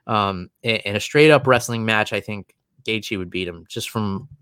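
A man's voice: lowish voice, fairly bright tone, smooth, no echo. A man talking casually about a fight, full of restarts and fillers as he thinks aloud. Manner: fast, rambling, many restarts and fillers. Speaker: MMA analyst guest. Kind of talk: casual podcast chat.

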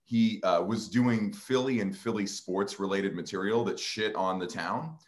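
A man's voice: on the low side, unhurried. A man hosting a casual podcast chat, thoughtful and analytical, laughing easily as he talks.

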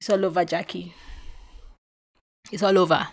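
This young adult woman from Nigeria, a podcast host, has a fairly low, creaky voice and a moderate pace. She recounts a personal story with feeling, animatedly acting out what each person said.

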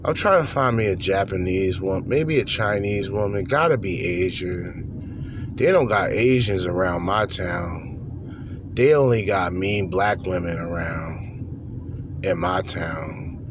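A man mocking a crude, whiny, lonely young man in a low, drawling mumble, recorded in a car. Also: slow pace, noisy background. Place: parked car.

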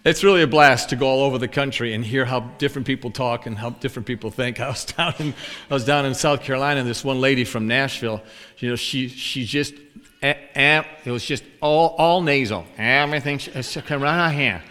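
Male preacher, bright folksy delivery, long hall reverb, joking sermon. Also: mid-range voice, brisk.

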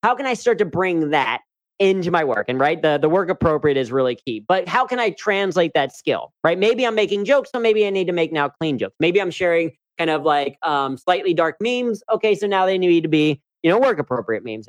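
Male guest, chatty and upbeat, slightly high voice, dry close recording. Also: big pitch swings, fairly quick, no room sound. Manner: upbeat, chatty, frequent "right?" asides. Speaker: guest, humor coach and speaker. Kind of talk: casual interview talk.

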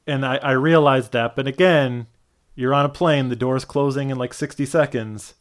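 A man's voice: mid-range voice, fairly even intonation, moderate pace. A man telling a long personal story in casual chat, rambling with lots of fillers and acting out quoted voices.

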